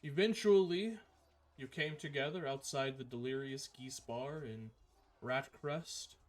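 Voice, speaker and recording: A man running a tabletop game as game master, recapping the last session in a measured, halting way with fillers. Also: medium pitch.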